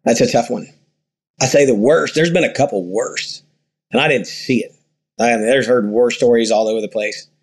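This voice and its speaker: A ranch owner in an interview, talking earnestly and rambling through stories with quoted dialogue. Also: male voice, mid-range voice, moderate pace. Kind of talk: conversational interview storytelling.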